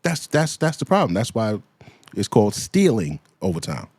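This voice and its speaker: A man's voice: on the low side, wildly swooping pitch, normal speed, darkish tone, slightly rough, no echo. A man giving a profane, ranting commentary, hammering at the same point with repeated pointed questions. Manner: profane, heated, repeats himself.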